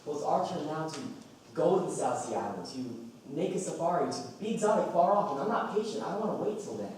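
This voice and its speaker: A man's voice: on the high side, lively intonation, fast talker, a little mellow, slight background noise, close to an everyday voice. An actor playing a restless, dreamy and bitter young man who gives impassioned speeches in a live stage play. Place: college theater stage. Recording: echoey theater from far off.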